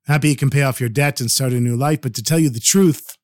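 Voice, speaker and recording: A man voicing a wise older rebbe who speaks gently and affectionately. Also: mid-range voice, fast talker, no echo, clean studio sound, natural voice. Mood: tender.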